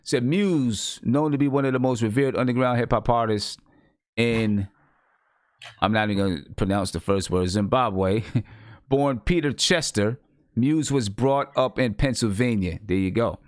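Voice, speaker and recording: In a dry, studio-quality recording, an unhurried man from upstate New York with a mid-range voice hosts a casual music review podcast. He reads artist bios aloud, stumbling slightly and restarting hesitantly.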